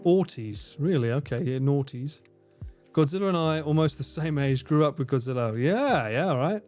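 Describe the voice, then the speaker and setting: With faint music behind him and air conditioning running at home, a British livestream host in his forties reads out viewer comments and responds casually, cursing liberally and laughing a lot. He speaks on the high side at normal speed, with lively intonation and a slightly mellow tone.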